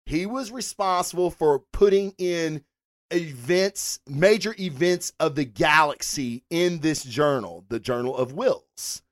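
A fan-show host talking casually on a livestream and answering viewers in chat, animated and rambling, who swears freely. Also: medium pitch, unhurried, no echo, studio quality.

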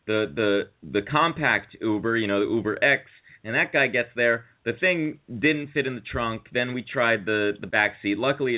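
A man spins a long, rambling story for a chat show, cursing freely and acting out what other people said. His pitch sits right in the middle. The sound is thin and tinny, like it came over a phone line. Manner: rambling, profane anecdotes with acted-out quotes. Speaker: podcast co-host.

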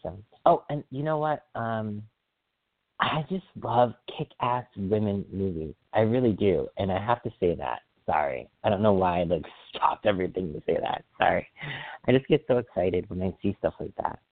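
Podcast host, male, very low voice, excitable rambler, dry thin phone-line audio. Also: no echo. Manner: excitable, rambling, quick to apologize. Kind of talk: casual solo podcast chat.

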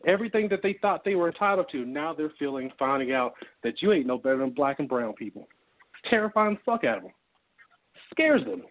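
A man's voice: on the high side, big pitch swings, brisk. A man talking bluntly and heatedly with heavy swearing, co-hosting a casual podcast. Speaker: co-host. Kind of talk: casual profane podcast chat. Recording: tinny phone line.

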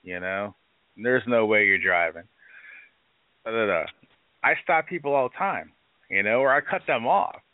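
A man's voice: lowish voice, normal speed, pauses often, dry recording. A man who owns a bar, telling stories in a casual interview, blunt and profane, often quoting others as he goes. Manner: blunt, profane, animated storytelling with acted quotes. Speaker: bar owner interviewed on a live show. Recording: dry, phone-like band-limited sound.

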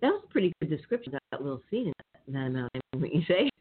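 Radio host reading news then going off on it casually, cussing, thin phone-ish sound, average pitch. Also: sing-song, very fast, narrow, tinny audio, heavy background noise. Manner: reads news then riffs on it, swearing and laughing.

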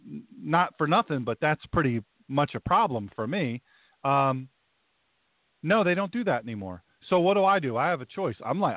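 Male talk host, rambling and emphatic; slightly high, dry and close, phone-thin sound. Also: no echo. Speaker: talk show host and pastor. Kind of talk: talk radio chat. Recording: tinny phone-like line, dry.

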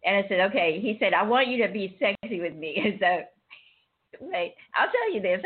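Woman host chatting, husky voice, tinny phone sound, acts out stories. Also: mid-range voice. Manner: animated storyteller, acts out dialogue with laughter. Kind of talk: casual chat.

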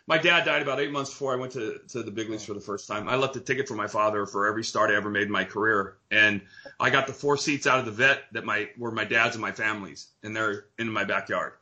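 Guest: middle-aged man, very bright tone, blunt and jokey, curses casually. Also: lowish voice, fast talker, dull audio. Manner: blunt, joking, swears freely. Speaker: guest, retired pitcher. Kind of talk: casual interview chat.

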